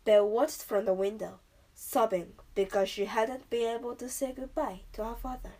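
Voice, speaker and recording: A woman narrates a storybook aloud in a measured, expressive way. Her voice sits fairly high for a woman. She reads clearly and steadily.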